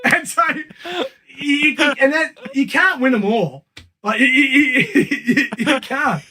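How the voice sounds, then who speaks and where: Lively, high-voiced man. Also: measured pace, a little hiss or hum. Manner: animated, acts out phone calls, laughs often. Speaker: guest speaker. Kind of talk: storytelling in casual chat. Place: video call.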